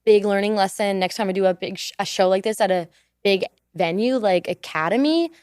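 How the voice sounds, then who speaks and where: A woman's voice: mid-range voice, a little fast, darkish tone, clean tone, no echo. Young woman, American accent, chatty singer guest, dry studio sound, laughs a lot. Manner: chatty, laughs often, repeats thank you. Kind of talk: casual interview chat. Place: podcast studio.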